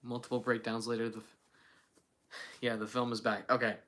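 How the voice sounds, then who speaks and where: A man's voice: medium pitch, flat delivery, fairly quick, sharp tone. A young man hosting a casual livestream, chatting with viewers in a rambling, self-mocking way full of fillers. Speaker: livestream host.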